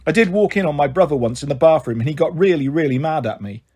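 A man's voice: a little high, animated, quick pace, darkish tone, husky. A man voicing a giggly schoolgirl who whispers gossip. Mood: gossipy.

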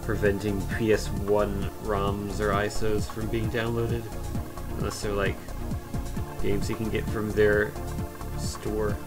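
A man's voice: fairly low pitch, monotone, takes it slowly, over loud music. A man giving casual, rambling commentary while streaming a mobile game, with a dry, sarcastic manner.

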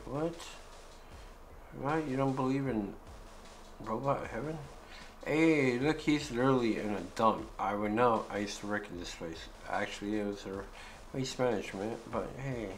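A man's voice: fairly low pitch, a little hiss or hum, rough recording. A man giving casual let's-play commentary, joking and talking back to the characters in the game. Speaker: gaming YouTuber.

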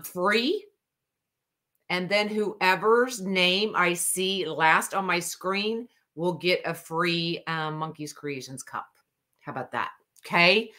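A woman hosting a live stream to sell custom cups, talking casually and slowly with lots of ums. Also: fairly low pitch, sharp tone. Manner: slow, drawling, many ums. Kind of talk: casual live sales chat.

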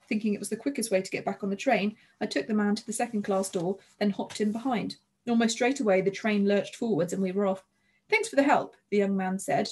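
A woman reading a children's novel aloud in lively, expressive first-person narration. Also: medium pitch. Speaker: audiobook narrator.

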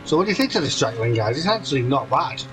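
A man's voice: mid-range voice, very animated, fast talker, over music, low-quality recording. A man chatting while gaming with friends, jokey and chatty, swearing freely. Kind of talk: casual gaming chat.

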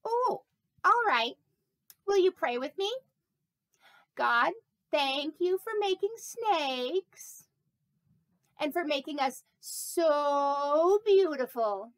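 A woman's voice: high-pitched, expressive, very slow, pauses often, no room sound, heavily acted. A woman voicing a vain, chatty, silly snake puppet in a children's sermon, talking playfully with rambling asides. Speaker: pastor.

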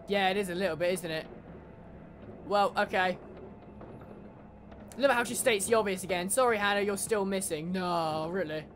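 A woman's voice: fairly low pitch, normal speed, long pauses, slight background noise. A woman commentating her horror game playthrough, sarcastic, swearing and laughing at the characters. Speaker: gamer. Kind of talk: let's play commentary.

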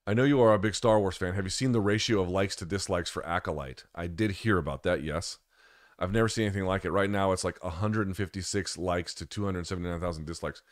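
Male stream host, low voice, dry close sound, candid and profane, off-the-cuff. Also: quick pace, dry recording. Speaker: host answering viewer questions. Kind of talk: casual live-stream chat.

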